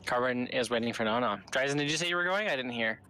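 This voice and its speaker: A man's voice: medium pitch, expressive, fast talker, bright, forceful tone, clear, resonant tone. A man narrating as game master, loose and rambling, with many fillers.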